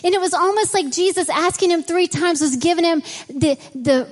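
A woman's voice: extremely high pitch, moderate pace, few pauses, big-room sound. A woman preaching a sermon in a church, reading scripture and praying, earnest and conversational. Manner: earnest and conversational, acting out quoted dialogue. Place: church sanctuary.

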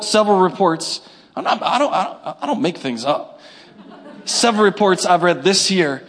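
A man preaching a sermon to his congregation, animated, with call-and-response and little acted-out scenes. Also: high voice. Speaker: pastor.

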